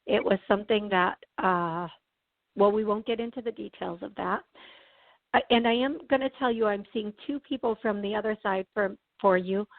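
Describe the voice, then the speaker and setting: A woman hosting a call-in radio show as a psychic medium, chatty and reassuring, often clearing her throat. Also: mid-range voice, moderate pace, no room sound. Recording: tinny phone-like sound, dry.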